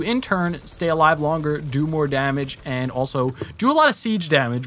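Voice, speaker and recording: Narrating his own gameplay, a young man talks casually in a voice on the high side, with slight background noise behind him. He rambles, keeps correcting himself, and leaps up excitedly once things get intense.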